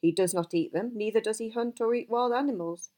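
A woman voicing an old male wizard who is gruff and easily cross, talking emphatically in a storybook reading. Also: a little high, brisk, dark tone, lightly acted. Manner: emphatic, exasperated outbursts.

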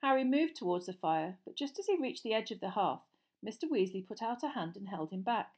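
A woman's voice: mid-range voice, very animated, fairly quick, darkish tone. Woman reading a storybook aloud. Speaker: audiobook narrator.

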